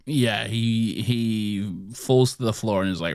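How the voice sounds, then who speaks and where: A man's voice: lowish voice, slow, a little mellow. A man co-hosting a podcast in casual chat, retelling scenes and swearing freely. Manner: retells scenes, quoting characters in put-on voices, swears freely. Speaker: podcast co-host.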